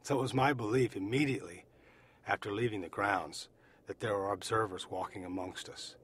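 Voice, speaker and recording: An American man recounting his own experience as an eyewitness, speaking deliberately and repeating phrases for emphasis. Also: fairly low pitch, a bit bright, husky. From United States. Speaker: eyewitness survivor. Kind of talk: personal testimony.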